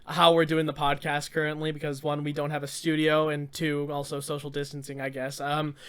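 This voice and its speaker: A young man co-hosting a podcast over a voice call, telling stories in a casual, animated way and laughing often. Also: a little high, fairly quick, clean tone, no echo. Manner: animated, laughs a lot, fillers and restarts. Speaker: podcast co-host. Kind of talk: casual storytelling chat. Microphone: remote voice call.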